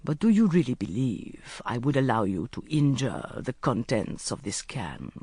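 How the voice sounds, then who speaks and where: An audiobook narrator voicing a cold, arrogant middle-aged sheikh who speaks curtly and with cool politeness. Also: male voice, mid-range voice, sing-song, moderate pace, a little mellow, slightly rough, no room sound, voice pushed down. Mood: amused menace. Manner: curt and coldly polite.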